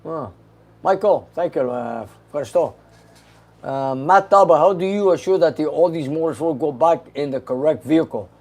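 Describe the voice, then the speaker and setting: A man's voice: a little high, fairly quick, a little mellow. Upbeat man reading live chat. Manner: reads viewer comments aloud, answers briefly and laughs easily. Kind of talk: casual livestream chat.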